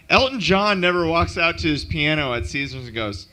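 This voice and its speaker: Bright-voiced stand-up comic. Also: male voice, fairly high pitch, expressive, moderate pace, few pauses. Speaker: stand-up comedian. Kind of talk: stand-up comedy set. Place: comedy club stage at open mic.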